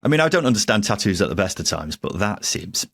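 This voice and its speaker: A man co-hosting a casual football podcast, wry and quick to laugh. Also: lowish voice, sing-song, vocal fry, fairly bright tone, breathy edge. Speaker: podcast co-host.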